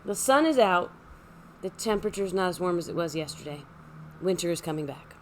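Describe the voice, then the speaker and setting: Hoarse woman, middle-aged, husky and low, chatty podcast host, faint hiss in the background. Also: lively intonation, brisk. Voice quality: husky, deep. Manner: chatty, self-deprecating, laughs easily. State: hoarse, losing her voice from a cold. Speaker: podcast host, yarn shop owner. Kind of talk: casual chat.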